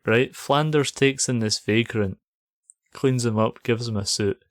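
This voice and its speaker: A man's voice: medium pitch, measured pace, no echo, clean studio sound. A Scottish man co-hosting a podcast, chatting casually and laughing often. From Scotland. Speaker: podcast co-host. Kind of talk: casual chat.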